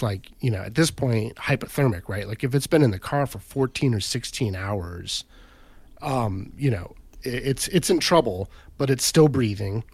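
A man's voice: medium pitch, darkish tone, dry recording. Rambling man telling a story. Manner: rambling, filler-heavy, says "right?" and "like" often. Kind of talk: casual storytelling chat.

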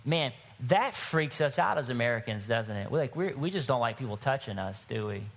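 A man's voice: animated, brisk, fairly bright tone. A man preaching a sermon to his church, shifting from wry, conversational storytelling to emphatic, rising exhortation. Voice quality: bald-headed man, higher-pitched voice. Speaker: pastor.

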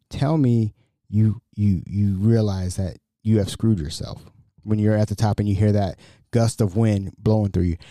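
A man hosting a casual solo podcast, excitable and stumbling over repeated words, his voice a little raspy. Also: lowish voice, no echo, studio quality. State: slightly raspy from screaming. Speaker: podcast host.

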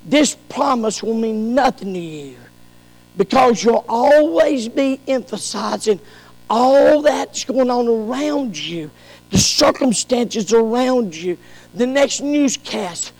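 A man preaching a sermon as pastor, rising to shouted peaks and dropping to soft, low passages. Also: expressive, slow pace, big-room sound, low-quality recording.

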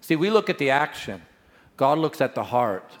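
A middle-aged male pastor preaching a sermon, swinging between loud proclamations and quiet asides. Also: mid-range voice, sing-song, normal speed, big-room sound.

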